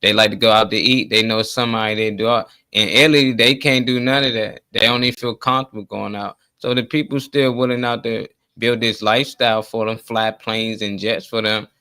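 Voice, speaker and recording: Laid-back low-voiced male host. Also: fairly even intonation, brisk, hardly any pauses, pushed and bright, clear, resonant tone, no echo. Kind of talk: casual call-in chat.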